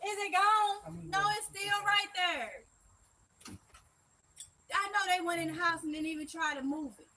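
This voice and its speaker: Middle-aged woman, Mississippi accent, bright voice, relaxed live chat host, faint outdoor noise behind. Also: extremely high pitch, measured pace, long pauses, poor audio. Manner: chatty and playful, laughing often, heavy Southern dialect. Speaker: livestream host reading chat comments.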